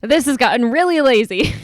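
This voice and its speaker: Young woman, podcast co-host, goofy, laughs a lot, fairly high voice, dry close mic. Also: dry recording. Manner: goofy, laughs often, slips into a news-reporter voice. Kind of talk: casual chat. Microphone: podcast microphone.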